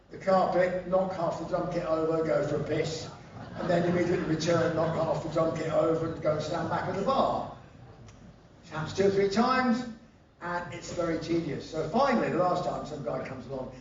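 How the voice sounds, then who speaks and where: A man's voice: fairly high pitch, a little hiss or hum. A man telling profane, laugh-filled stories on a live stage. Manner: animated, profane, laughing often. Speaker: stage storyteller. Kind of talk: live spoken-word storytelling. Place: live concert venue. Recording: distant echoey live hall, dull.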